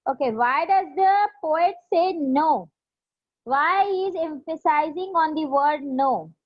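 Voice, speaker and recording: Speaking slowly in a high voice, an Indian English-accented schoolteacher leads her online class and patiently asks her questions again. The recording has a dull, lo-fi online-class quality.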